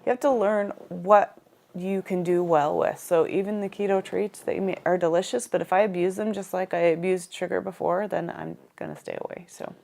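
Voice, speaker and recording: Middle-aged female co-host, chatty and upbeat, a little vocal fry. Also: on the low side, fairly even intonation, moderate pace, a little mellow. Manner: chatty, upbeat, chimes in with short replies. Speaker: co-host of a live stream. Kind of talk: casual live-stream chat.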